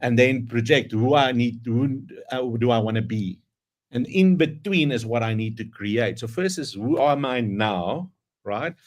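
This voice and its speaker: A man's voice: mid-range voice, lively intonation, measured pace. A man giving an earnest motivational talk, telling a story and stressing his key phrases. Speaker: guest speaker. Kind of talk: motivational speech.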